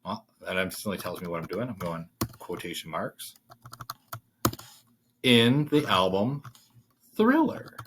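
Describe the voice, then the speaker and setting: A man's voice: deep voice, lively intonation, unhurried, long pauses, very noisy. A man teaching a college writing class, talking casually through a worksheet with fillers while he types. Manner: casual, thinking aloud with fillers. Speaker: writing instructor. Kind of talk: screen-share worksheet walkthrough.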